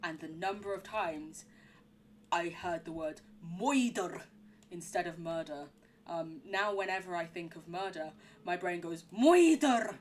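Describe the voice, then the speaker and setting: A woman's voice: on the low side, fairly even intonation, normal speed, slight background noise. A young woman streaming a horror game, chatting in a giggly, rambling way. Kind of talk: live game commentary.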